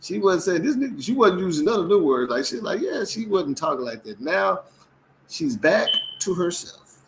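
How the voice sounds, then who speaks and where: A man's voice: high-pitched, sing-song, moderate pace, noisy background. A man co-hosting a casual commentary chat, talking animatedly and acting out quotes in mimicking voices. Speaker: co-host.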